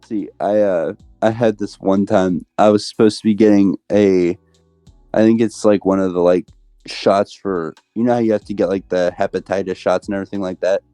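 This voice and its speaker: A man co-hosting a casual chat, telling a story in a hesitant, deadpan way. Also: sits low, normal speed, clean tone, no room sound, faint music behind. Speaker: co-host.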